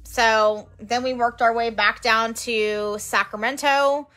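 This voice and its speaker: A woman with a bright, fairly high voice tells heartfelt stories from her outreach work. She speaks earnestly and with feeling, slipping into the voices of the people she met. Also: takes it slowly. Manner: earnest, emotional, retells quotes in lively voices. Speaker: missionary sharing outreach stories. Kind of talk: casual storytelling chat.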